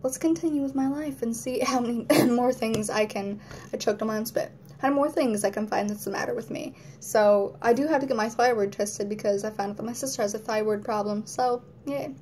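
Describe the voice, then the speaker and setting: A woman's voice: fairly high pitch, fairly quick, a little mellow, slight background noise. A woman vlogging at home in casual chat to camera, rambling, laughing often and acting out moods in quoted voices.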